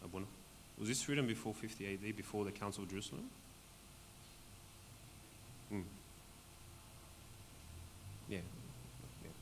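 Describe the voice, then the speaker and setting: A man leading a Bible study for a group in a church hall, talking conversationally and often checking in with "right?", his voice going hoarse. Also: lowish voice, normal speed, long pauses. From Australia. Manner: conversational, keeps asking "right?". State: voice going hoarse, clearing throat. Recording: long hall reverb, faint background noise.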